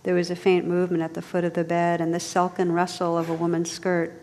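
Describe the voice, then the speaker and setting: A woman narrating a storybook tale aloud in a measured, expressive way. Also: fairly low pitch, long reverb tail.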